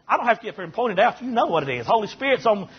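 A man preaching as a Baptist pastor, folksy and joking, who builds to shouted preaching. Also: sits high, sing-song, very fast, slightly rough. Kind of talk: sermon. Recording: dull lo-fi recording.

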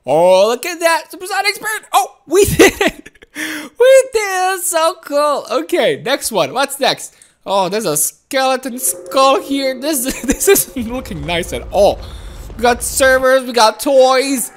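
A woman commentating her own gameplay, excitable and giggly, often talking to viewers. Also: high voice, measured pace. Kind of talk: playful game commentary.

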